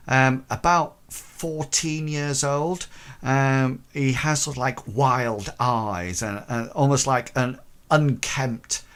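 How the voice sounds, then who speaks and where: A man narrating a tabletop horror game as game master, halting and full of ums. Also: medium pitch, a bit bright, clean tone.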